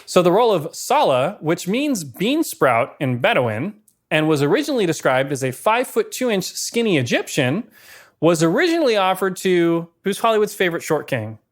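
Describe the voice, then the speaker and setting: A man co-hosting a podcast, briskly running through film production trivia with dry asides. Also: sits high, sing-song. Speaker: podcast co-host. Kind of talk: casual film-history chat.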